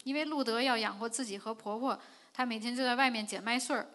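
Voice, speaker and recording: A woman interpreting a sermon, speaking quickly with fillers. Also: a little high, a bit bright.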